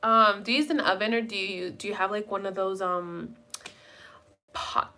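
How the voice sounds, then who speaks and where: A woman's voice: mid-range voice, steady tone, moderate pace, sharp tone. A young woman live-streaming at home, chatting with viewers in a rambling, casual way and swearing now and then. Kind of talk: casual chat.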